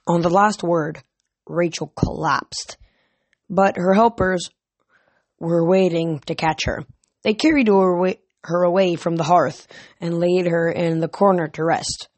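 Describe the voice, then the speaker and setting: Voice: medium pitch, fairly even intonation, a little slow, no echo. A reader narrating an audiobook in a plain way, with small slips and self-corrections.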